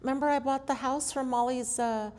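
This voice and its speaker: A woman's voice: high-pitched, fairly quick, slight background noise. A woman in her sixties telling family stories in an oral history interview, acting out what people said. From Colorado, USA. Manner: animated storyteller, acts out quotes.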